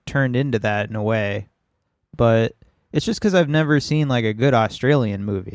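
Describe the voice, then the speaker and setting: A man co-hosting a horror podcast who gives blunt, wry opinions and swears casually. His voice sits at an ordinary middle pitch. The sound is dry and close-miked. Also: darkish tone, no room sound. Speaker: podcast co-host. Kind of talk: casual chat.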